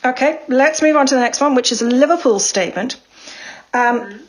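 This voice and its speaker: A woman's voice: sits high, moderate pace. A woman co-hosting a casual discussion podcast, introducing and reading out statements with chatty asides. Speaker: podcast co-host.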